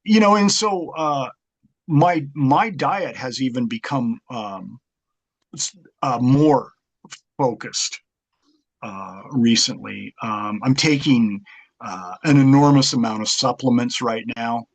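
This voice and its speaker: A man's voice: mid-range voice, slow. A man, a guest martial arts author, chatting casually in an interview and rambling through stories with many fillers and restarts.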